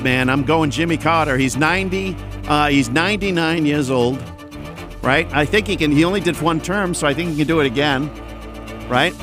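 A man delivering a rambling, sarcastic comedic monologue as host, drifting between tangents and mocking voices. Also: a little high. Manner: sarcastic, rambling, mocks others in put-on voices.

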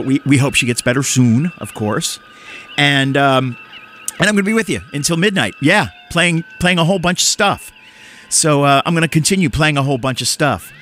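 A man's voice: a little high, fairly bright tone, slight background noise. A man hosting a casual radio show, chatting loosely with fillers and jokes. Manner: loose, joking, lots of fillers, mock announcer voice for the PSA. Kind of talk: casual college radio chat. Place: radio studio.

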